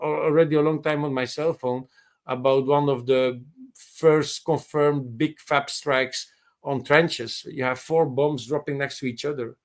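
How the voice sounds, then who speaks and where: A man calling into a live open-mic show over a video call, giving blunt opinions on current events in halting speech full of restarts and repeated words. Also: medium pitch. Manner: blunt, swears for emphasis.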